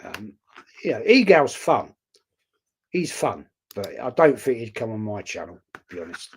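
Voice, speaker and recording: A man's voice: fairly low pitch, very animated, unhurried, slightly rough. A man chatting casually on a live stream, reading out viewer comments and answering them bluntly. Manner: blunt, outspoken, chatty, calls viewers mate.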